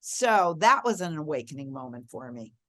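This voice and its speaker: A woman's voice: low-pitched, sing-song, moderate pace, fairly bright tone, dry recording. Earnest middle-aged woman telling a story. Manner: earnest, reflective, emphatic on key words. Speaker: interview guest. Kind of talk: personal storytelling in an interview.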